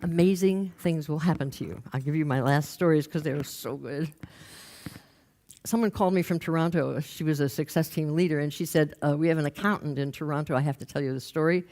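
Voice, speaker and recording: A woman giving a talk on stage, telling humorous anecdotes with quick asides. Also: low voice, darkish tone. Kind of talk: storytelling motivational talk. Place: lecture stage with slides.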